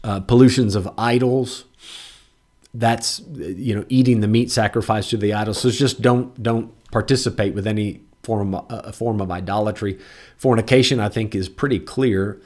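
A man's voice: fairly low pitch, steady tone, normal speed, a little mellow. An earnest man teaching a Bible lesson to an online audience. He reads scripture with lifted emphasis, then drops back into plain, conversational explanation with casual asides and restarts. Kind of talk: livestreamed Bible lesson with viewer questions.

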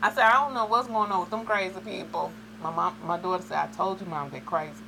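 A middle-aged woman co-hosting a casual radio chat, telling stories with lively mock outrage. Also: on the low side, quick pace, gravelly, slight background noise, low-quality recording. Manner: animated storyteller, mock-outraged. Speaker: radio co-host.

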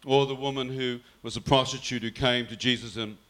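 A man tells his own story in a bright, forceful voice. He speaks earnestly and slips into his mother's words as he recounts them. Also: medium pitch, fairly even intonation, brisk. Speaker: guest telling his testimony. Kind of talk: personal storytelling.

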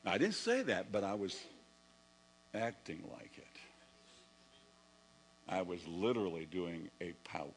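A male pastor preaching a lively sermon and telling stories from his own life, sometimes acting out his younger self. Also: low voice, measured pace, long pauses, a little hiss or hum, rough recording. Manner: animated storytelling, acts out his own past voice.

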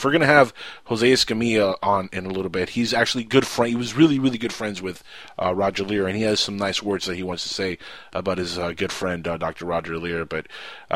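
A man's voice: on the low side, no echo. A man hosting a live talk radio show, speaking casually with many fillers and restarts.

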